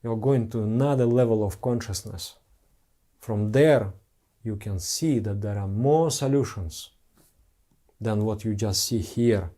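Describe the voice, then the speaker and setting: A man's voice: lowish voice, a little slow, dark tone. A man who is a spiritual teacher, giving an earnest, heartfelt devotional talk to followers in simple broken English.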